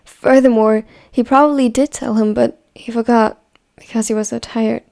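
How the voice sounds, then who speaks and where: A woman narrating a fan story in an even, measured reading voice. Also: on the high side, creaky.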